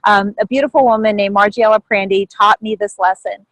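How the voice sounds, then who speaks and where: A woman telling a personal story on a video call, lively and animated, acting out what others said with big jumps in pitch. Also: a little fast, dry recording, rough recording. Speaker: group member sharing a story.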